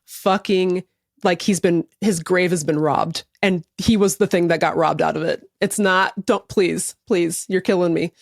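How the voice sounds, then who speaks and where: A woman co-hosting a podcast, chatting casually in a wry, deadpan way with some swearing. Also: lowish voice, unhurried, gravelly, no room sound, studio quality. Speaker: podcast co-host.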